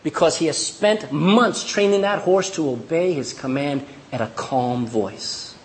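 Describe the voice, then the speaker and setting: A middle-aged male preacher with a high, lifted voice delivers a lively sermon. He drives his points home with repetition and slips into little acted-out scenes. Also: unhurried, a little hiss or hum. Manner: animated, acts out little scenes, emphatic repetition.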